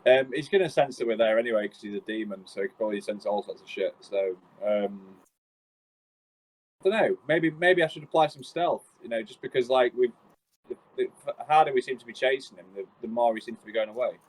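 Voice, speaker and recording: A man chatting as a player in a tabletop game session. He rambles and second-guesses himself, filling gaps with ums and you-knows. His voice sits at an ordinary pitch. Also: brisk, rough recording. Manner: rambling and unsure, with fillers. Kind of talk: casual chat at a game table.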